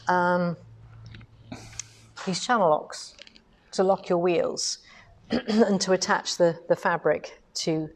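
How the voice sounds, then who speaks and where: A woman's voice: on the low side, a little mellow. A woman running a live quilting demonstration from an indoor studio, explaining each step in a chatty, practical way. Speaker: quilting instructor.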